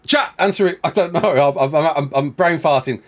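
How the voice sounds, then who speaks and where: A young man with a Brummie accent, live-streaming a survival game and reading out chat questions in a rapid, excitable way with frequent laughter. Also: fairly high pitch. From West Midlands, England.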